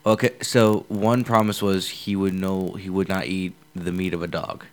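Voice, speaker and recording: A young man with a very low, smooth and resonant voice retells an old legend in a loose podcast chat. He leans on filler words and restarts as he goes. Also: moderate pace. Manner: relaxed storytelling with frequent fillers. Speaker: podcast host. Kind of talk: casual chat.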